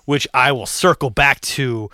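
A man from Massachusetts co-hosting a podcast, chatting casually in quick, animated rants with some swearing. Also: medium pitch, no echo, studio quality. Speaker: podcast co-host.

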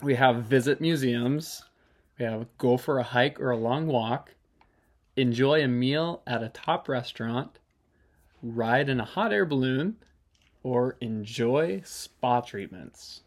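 A man's voice: medium pitch, slow pace. A man co-hosting a casual couple's podcast, laid-back and teasing, laughing often. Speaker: podcast co-host.

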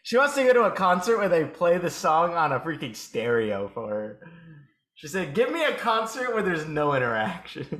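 A man's voice: fairly high pitch, fairly bright tone. A young man co-hosting a podcast, teasing his co-host and laughing often in casual chat.

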